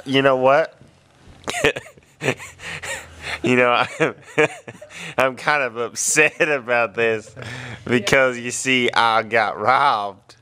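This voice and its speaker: A man's voice: medium pitch, fairly even intonation, takes it slowly, long pauses, sharp tone. A man playing a rambling comedy character who gets mock-emotional and wanders off topic.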